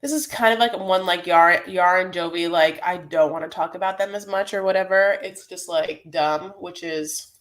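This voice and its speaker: A woman hosting a casual live recap, chatting loosely and rambling from one thought to the next. She fills her talk with "like" and "you know" and keeps breaking off into quick asides. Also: fairly low pitch. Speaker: host.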